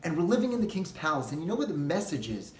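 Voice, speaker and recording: A man who, as a rabbi, gives a holiday sermon and tells a parable in an animated storytelling way. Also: a little high, fast, reverberant, a little hiss or hum.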